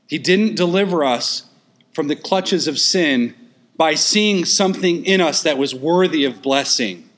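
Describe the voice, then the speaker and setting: This preacher works through an expository sermon emphatically, echoing his main phrases, slipping in fast asides and pressing suddenly on certain points. He speaks on the high side.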